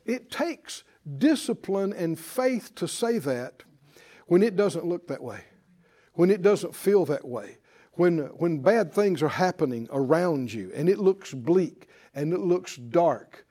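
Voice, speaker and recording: A man preaching a sermon in a high-pitched voice. He drives home lines by repeating them emphatically and calls on listeners to respond. At times he eases into a quieter, conversational telling. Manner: emphatic, repeats declarations for the congregation.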